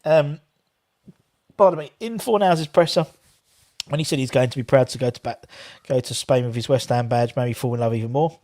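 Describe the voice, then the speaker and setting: A man's voice: medium pitch, normal speed, long pauses, dark tone. A man hosting a casual football fan live stream, chatting and rambling while reading out viewer comments. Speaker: fan channel host.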